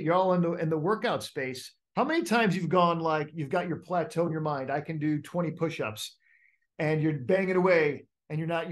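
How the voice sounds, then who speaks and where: A man coaching a group, talking casually with many fillers and restarts and acting out inner voices. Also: a little high. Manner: animated, acts out inner voices. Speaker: coach leading a group call. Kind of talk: casual teaching talk.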